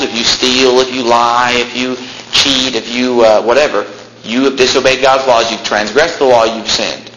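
A man preaching a fiery sermon, swinging between loud raised lines and quiet low ones. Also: reverberant, noisy background.

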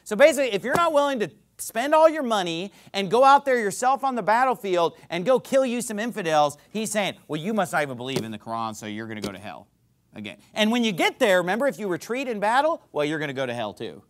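A male pastor preaching a fiery, impassioned sermon that rises to shouts. He says himself that he is getting worked up. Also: high-pitched, very animated, quick pace.

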